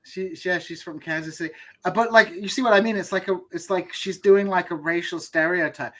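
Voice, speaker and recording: Man, podcast host, fairly high and very bright voice, loose and bantering. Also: fairly quick. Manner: loose, bantering, stammering restarts. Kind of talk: casual podcast chat.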